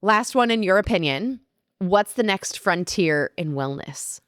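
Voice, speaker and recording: A woman's voice: mid-range voice, lively intonation, measured pace, a bit bright, no room sound, studio quality. A woman hosting a wellness podcast, closing an interview and signing off in an upbeat, friendly way. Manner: upbeat, friendly wrap-up patter. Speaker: podcast host.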